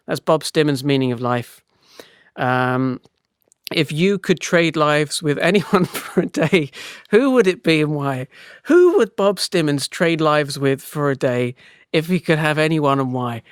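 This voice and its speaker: A man's voice: a little high, expressive, unhurried, clean tone, no room sound, clean studio sound. A man hosting a comedic solo podcast, rambling and swearing as he chuckles through silly answers. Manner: rambling, profane, laughing at his own jokes. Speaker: podcast host.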